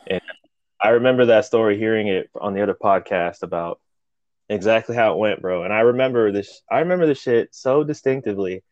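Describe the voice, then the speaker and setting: A man's voice: on the low side, a little fast, dry recording, lo-fi sound. A man co-hosting a podcast, telling a story casually and animatedly, with plenty of swearing and acted-out quotes. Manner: animated, profane, acts out quotes. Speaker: podcast co-host.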